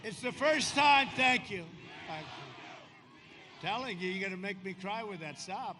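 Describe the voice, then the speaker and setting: A man's voice: high-pitched, moderate pace, crowd noise. A man giving a rambling, boastful campaign speech at an outdoor rally, talking off the cuff. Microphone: podium microphone. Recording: noisy outdoor rally recording. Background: outdoor rally noise.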